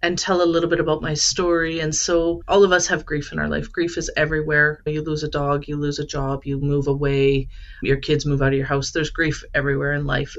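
A woman's voice: sits low, muffled recording. Candid laughing woman in her forties. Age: 40s. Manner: candid, laughing, acts out dialogue in stories. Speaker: podcast guest, event manager and grief educator. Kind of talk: casual interview chat.

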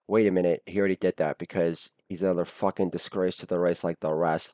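A man hosting a podcast with a blown-out, hoarse voice, delivering a crude comedic rant broken up by sudden shouted catchphrases. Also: low voice, steady tone, quick pace, hardly any pauses, no room sound. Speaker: podcast host.

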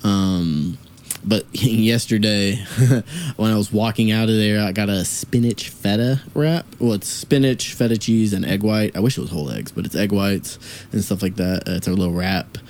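A man's voice: on the low side, normal speed, darkish tone, slight background noise. A young man in casual podcast chat, rambling through a story with lots of fillers and swearing. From Dallas area, USA.

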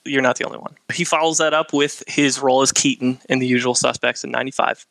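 Man, bright tense voice, dry sound, matter-of-fact podcast host. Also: mid-range voice, fairly even intonation, fast, gravelly, no echo, rough recording. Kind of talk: casual chat, reading career notes.

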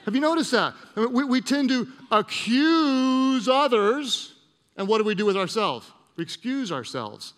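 High, bright-voiced pastor preaching. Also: male voice, moderate pace. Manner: animated storytelling with mocking voices. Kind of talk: sermon. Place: church auditorium. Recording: reverberant church hall.

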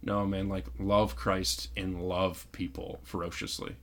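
A man's voice: sits low, little pitch movement, a bit bright. A man co-hosting a podcast, talking in an earnest, reflective casual chat. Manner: earnest, reflective, quick asides. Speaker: podcast co-host.

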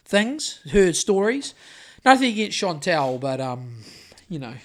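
This is a podcast co-host with a New Zealand accent, talking casually and rambling through jokes and stray thoughts. The pitch swings widely and the speech is full of fillers and restarts. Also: very animated, unhurried. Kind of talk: casual banter.

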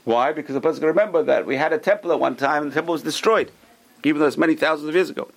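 Gravelly rabbi teaching with emphatic repetition. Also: male voice, a little high, very fast, poor audio. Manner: emphatic, repeats key words. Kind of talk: teaching a Torah class.

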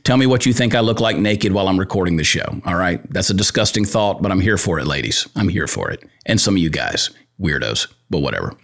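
A man's voice: deep voice, lively intonation, fast talker, creaky, few pauses, a bit bright. A man hosting an opinion talk show and ranting in a crude, joking, worked-up way. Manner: riled-up, crude, joking rant. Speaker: podcast host and comedian.

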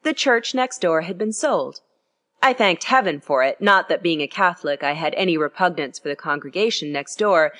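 A woman narrating a classic story in an expressive reading style. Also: on the low side. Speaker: audiobook reader.

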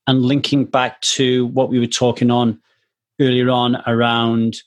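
A man's voice: medium pitch, completely flat delivery, measured pace. A man hosting a casual conversation, earnestly telling a personal story in a reflective way.

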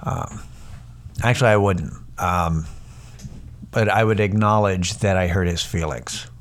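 A man with a lowish voice rants on his podcast, sarcastic and profane. He rambles, restarts sentences and swears freely as he mocks things that irritate him. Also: a little slow. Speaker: podcast host. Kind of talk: casual ranting monologue.

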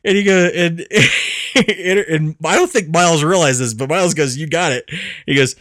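In a clean, dry studio recording, a man with a somewhat high, fairly bright voice hosts a podcast at a moderate pace. He spins a story in relaxed chat, swearing liberally and breaking into frequent laughter.

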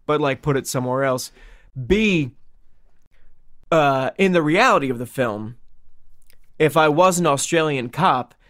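A man's voice: fairly high pitch, unhurried, long pauses, a bit bright. A man in casual comedic chat, riffing with dry, wry reasoning.

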